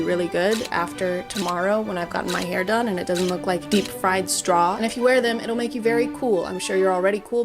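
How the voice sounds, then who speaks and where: Sarcastic woman with deadpan jokes. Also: medium pitch. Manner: deadpan, sarcastic, theatrical readings. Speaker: comedy video host. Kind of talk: sarcastic comedic commentary. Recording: music under the voice.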